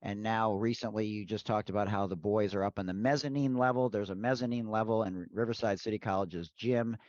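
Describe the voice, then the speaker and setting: A low-voiced man hosts a podcast interview, pressing his points with emphasis. The sound is dull and lo-fi, and the room gives no echo at all. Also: steady tone, brisk, a little mellow. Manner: emphatic, urging listeners. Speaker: podcast host. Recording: dull, dry lo-fi recording.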